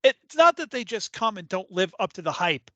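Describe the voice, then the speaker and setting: A man's voice: high-pitched, big pitch swings, normal speed, a bit bright, dry recording. A man co-hosting a sports podcast, talking in casual chat. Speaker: podcast co-host.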